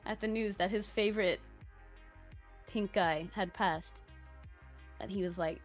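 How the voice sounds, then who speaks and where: A woman's voice: medium pitch, measured pace, long pauses, soft background music. An Irish woman from Ireland giving a joking eulogy on a stream over a voice call, swearing a lot and breaking into laughter. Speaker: guest speaker. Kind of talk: mock eulogy, casual stream chat. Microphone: voice call from home.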